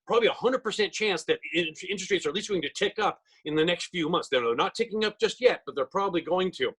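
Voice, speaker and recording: A middle-aged man leads a real estate training webinar, speaking very fast with an emphatic salesman's push. His voice sits high and has a husky edge. He talks into a computer mic on a video call. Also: expressive, fairly bright tone, poor audio. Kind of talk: webinar presentation.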